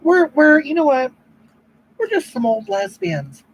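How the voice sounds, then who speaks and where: This comedic, improvised livestream monologue comes from a performer voicing a preachy, self-righteous older woman who rambles about love as she reads the chat. Her pitch swings widely and she talks a little slowly, full of gushing, looping back to "you know what?" again and again. The low-quality recording carries slight background noise.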